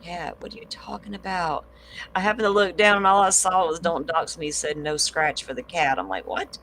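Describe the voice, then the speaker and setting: A woman's voice: lowish voice, fairly quick, a little hiss or hum, rough recording. Blunt, swearing woman host. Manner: blunt, swears freely, thinks out loud. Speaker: true crime livestream host. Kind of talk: casual livestream chat.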